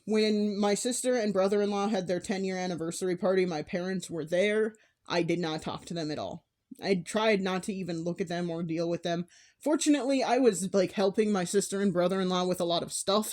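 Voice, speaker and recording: A woman's voice: on the low side, darkish tone. Emotional young woman vlogging candidly. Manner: candid and emotional, with sighs and restarts. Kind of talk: personal vlog monologue.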